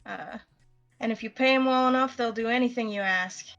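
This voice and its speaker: A woman voicing a sleazy, scheming male nobleman who leads criminals, speaking in a halting, hesitant way with a faltering German accent. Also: a little high, a bit bright, lo-fi sound.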